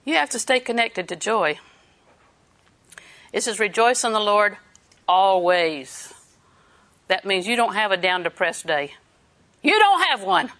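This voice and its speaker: Older female preacher, bright tone, lively anecdotal sermon delivery. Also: mid-range voice, a little slow, pauses often. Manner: storytelling, animated, laughs while preaching.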